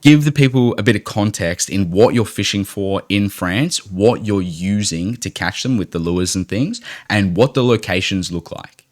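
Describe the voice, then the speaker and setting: A man's voice: lowish voice, moderate pace. A man hosting a casual podcast chat, laid-back and upbeat, using casual slang. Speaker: host.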